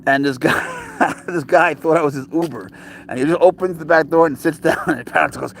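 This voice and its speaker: A man's voice: on the high side, normal speed, vocal fry, slight background noise. A man live-streaming outdoors on a phone, chatting in a rambling, casual way and coaxing his cat along in baby talk. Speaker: pet owner live-streaming. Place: outdoors, walking near a parked car.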